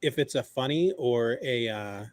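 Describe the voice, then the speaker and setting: A man's voice: mid-range voice, a little slow, no echo, clean studio sound. A man co-hosting a podcast from home, chatting loosely and jokingly with lots of restarts. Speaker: podcast co-host. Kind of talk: casual behind-the-scenes chat.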